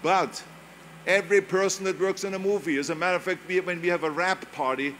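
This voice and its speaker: A man's voice: high voice, fairly even intonation, a little fast, a bit bright, a little hiss or hum. An older man with a German accent, whose first language is German, giving an emphatic motivational speech full of storytelling. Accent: Austrian German. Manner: emphatic storytelling, mimics others' voices. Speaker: speaker giving a talk.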